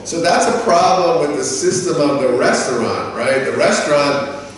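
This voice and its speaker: Speaking at a moderate pace over faint hiss or hum, a man lectures on business English, with the mic distant and the room echoing. His lesson runs on personal customer service tales, which he performs animatedly, using a higher voice whenever he quotes staff.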